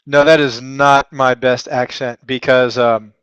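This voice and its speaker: A man's voice: medium pitch, little pitch movement, measured pace, fairly bright tone, clean tone, dry recording, highs cut off. A man from Texas hosting a live trading lesson, thinking aloud in a chatty, joking and self-deprecating way with rambling asides. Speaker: trading webinar host.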